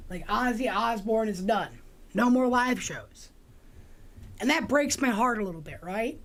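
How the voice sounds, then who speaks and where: A woman's voice: on the high side, lively intonation, slow, long pauses, fairly bright tone, a little hiss or hum. A woman hosting a livestream, chatting in a rambling, joking, profane way. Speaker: livestream host. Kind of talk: casual rambling chat.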